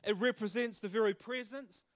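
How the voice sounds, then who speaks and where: A young man preaching a sermon, telling a funny story with animated energy before turning earnest. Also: high-pitched, moderate pace. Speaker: pastor.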